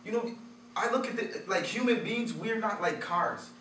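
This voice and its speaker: A man's voice: sits high, moderate pace, bright, forceful tone. A man giving a motivational talk, telling candid personal stories and chuckling at his own stories. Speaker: motivational speaker. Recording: roomy echo, distant from the mic, faint noise.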